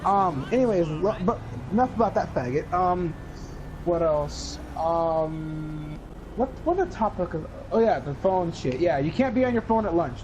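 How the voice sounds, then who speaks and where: A teenage boy rambling through a casual, profane story, often mimicking other people in a higher voice. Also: lively intonation, unhurried, noisy background. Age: teens. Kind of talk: casual chat.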